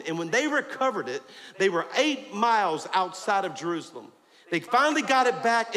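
A man preaches a fiery sermon, his high, bright voice rising into shouts as he calls out to his congregation. The sound carries a long church-hall reverb over the faint murmur of the crowd. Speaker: pastor.

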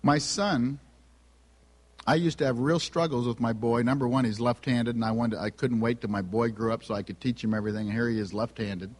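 A man's voice: medium pitch, fairly even intonation, a little fast. A middle-aged man giving a sermon full of humorous personal stories about his family, acting out their dialogue. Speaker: speaker on family and spiritual gifts. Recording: long reverb of a large hall.

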